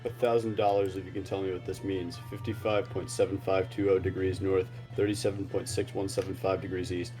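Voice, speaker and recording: A man's voice: low-pitched, flat delivery, fairly quick, few pauses, music in the background. A young man chatting casually on a podcast, telling stories in a matter-of-fact way. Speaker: podcast co-host. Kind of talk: casual chat.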